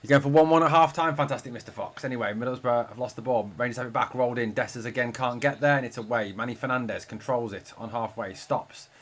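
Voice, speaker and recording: A man talks fast at a medium pitch, barely pausing, as he calls the match live for a fan watch-along. The commentary is loose and chatty, peppered with swearing and replies to viewer comments.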